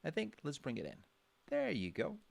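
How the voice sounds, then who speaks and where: A man's voice: a little high, wildly swooping pitch, moderate pace, gravelly. A man giving a casual livestream drawing lesson, thinking aloud with many fillers and restarts as he sketches. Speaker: drawing instructor.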